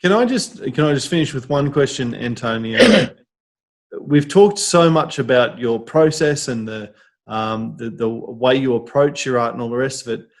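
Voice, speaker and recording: A man hosting a podcast in casual chat, lively and teasing, laughing easily. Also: mid-range voice, normal speed. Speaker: podcast host.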